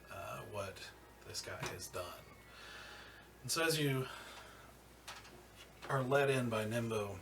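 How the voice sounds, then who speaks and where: A man narrating as game master of a tabletop game, halting with many fillers and restarts. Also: fairly low pitch, a bit bright, slight background noise. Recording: distant mic with music behind.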